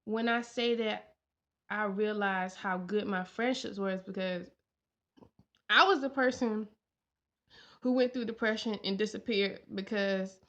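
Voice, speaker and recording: This young woman's voice sits a little high and has a bit of brightness. She vlogs earnestly and from the heart, repeating lines for emphasis, in personal vlog talk captured with dull, lo-fi sound.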